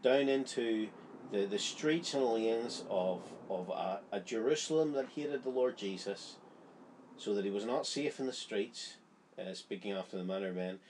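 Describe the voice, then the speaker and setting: A man's voice: on the low side, normal speed, darkish tone, slight background noise. A man giving a Bible study, explaining a chapter in an earnest, conversational way. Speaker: Bible teacher.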